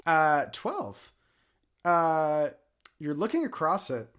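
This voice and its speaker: A man's voice: a little high, big pitch swings, slow pace, a bit bright, clear, resonant tone. A man running a tabletop game as dungeon master, describing scenes in a laid-back way with many fillers.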